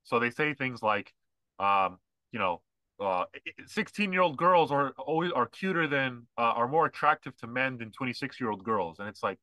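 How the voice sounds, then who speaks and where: Bright-voiced man ranting on a podcast. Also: medium pitch, lively intonation, moderate pace, dry recording, rough recording. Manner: rambling, mocking, mimics others in put-on voices. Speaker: podcast co-host. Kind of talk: casual podcast chat.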